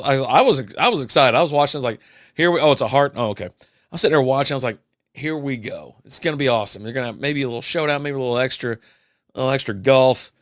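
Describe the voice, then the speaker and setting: A man's voice: medium pitch, fairly bright tone, dry recording, clean studio sound. A man hosting a podcast, chatting casually over a beer and telling rambling, profane stories. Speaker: podcast host.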